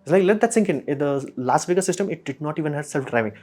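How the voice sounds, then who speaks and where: A man from India giving a blunt, exasperated opinion monologue, often mimicking other people in quick asides. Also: on the high side, lively intonation, darkish tone, soft background music. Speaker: commentator.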